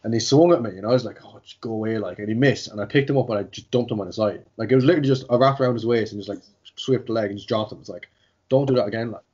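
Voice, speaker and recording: Irish guy, a jiu-jitsu coach, rattling off rambling stories, husky voice, dull lo-fi sound. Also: on the low side, very fast, darkish tone. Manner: rambling, sweary, filled with "like". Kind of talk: casual podcast storytelling. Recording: dull lo-fi audio.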